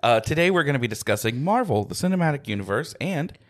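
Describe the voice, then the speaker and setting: A man co-hosting a podcast, chatting casually in an animated, rambling way with many restarts. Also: medium pitch, quick pace. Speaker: podcast co-host.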